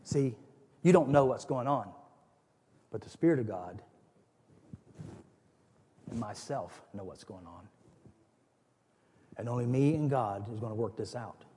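A man preaching a sermon as pastor, with animated storytelling that acts out scenes. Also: medium pitch, unhurried, long pauses, husky. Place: church. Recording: long reverb of a church hall.

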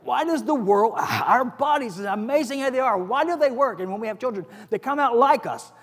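A man's voice: very high voice, expressive, a little fast, fairly bright tone. A man preaching a sermon as pastor, earnest and building to emphatic stress on key phrases. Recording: long hall reverb.

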